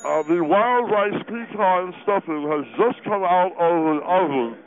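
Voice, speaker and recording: A man's voice: high-pitched, expressive, fast, fairly bright tone, pitched above the performer's own voice. A man doing a pompous mouth-full businessman. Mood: smug. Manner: talks with his mouth full, pompous and condescending. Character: smug male businessman eating on air. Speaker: guest. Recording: tinny phone line.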